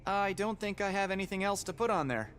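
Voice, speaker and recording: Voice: medium pitch, expressive, a little fast, a bit bright, lightly acted. Elroy, an actor doing an eager boy adventurer. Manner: eager, chatty. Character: curious, brave boy adventurer.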